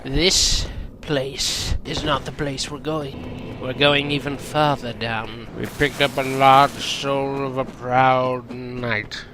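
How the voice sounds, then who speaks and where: A man's voice: mid-range voice, level tone, slow, over music. A man giving casual, sarcastic gameplay commentary, joking and swearing freely.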